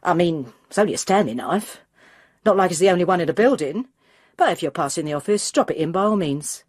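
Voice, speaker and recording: A woman's voice: lowish voice, expressive, a little fast, breathy edge, no echo, clean studio sound. A woman voicing a cheeky, dismissive young female receptionist. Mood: insolent.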